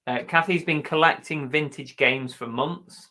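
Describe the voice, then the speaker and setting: An English man hosts a relaxed live chat, reading out viewer comments with a jokey, chatty manner. His voice is bright and forceful. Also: on the high side, unhurried. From England. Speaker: livestream host.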